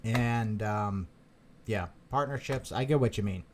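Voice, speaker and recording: A man's voice: fairly low pitch, a little slow, a little hiss or hum. A man hosting a live stream, chatting casually and reading out viewer comments, rambling with many repeated words and fillers. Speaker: crypto channel host.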